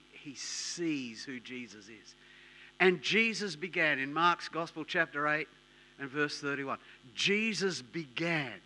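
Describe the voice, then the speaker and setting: Male preacher, slightly high voice, bright and emphatic, repetitive sermon delivery. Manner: emphatic, repetitive, swings between hushed and loud.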